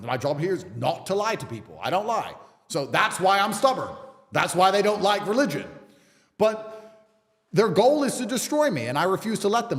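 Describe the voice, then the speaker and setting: In a large hall, a man with a mid-range voice talks as a guest on a casual podcast, sounding defiant and emphatic and swearing freely.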